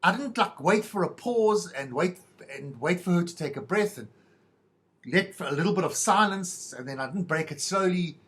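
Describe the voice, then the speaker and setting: A man's voice: sits high, lively intonation, moderate pace, a bit bright. A middle-aged man hosting a podcast, telling a rambling, self-mocking monologue in a wry, stop-start way. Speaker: podcast host.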